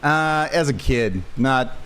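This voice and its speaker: A man's voice: mid-range voice, lively intonation, slow pace, a bit bright, smooth. A man chiming in as co-host, making dry, joking remarks. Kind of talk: casual stream banter.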